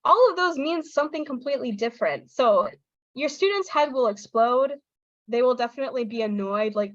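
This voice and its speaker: An American woman, a young adult, giving an online talk to English teachers, lively and acting out intonation patterns as she explains them. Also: a little fast, dry recording, dull audio. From United States. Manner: lively, demonstrates intonation with exaggerated pitch.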